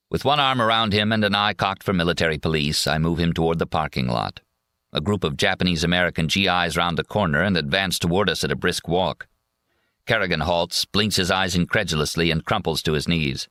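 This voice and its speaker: A man reading a memoir audiobook in a measured, steady first-person narration. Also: low voice, dry recording, clean studio sound. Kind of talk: scripted narration.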